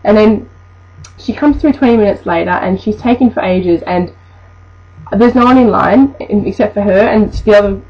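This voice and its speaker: A woman's voice: mid-range voice, moderate pace. An eighteen-year-old woman, telling a work story in a chatty, exasperated, rambling way. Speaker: vlogger. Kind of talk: storytime monologue. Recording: dull lo-fi with faint noise.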